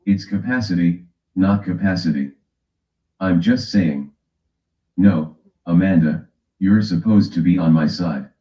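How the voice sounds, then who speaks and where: A man's voice: deep voice, unhurried, dark tone. A man from the West Coast of the US hosting a casual livestream, teasing his chat and reading a timer aloud. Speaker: livestream host. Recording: echoey room, dull lo-fi sound.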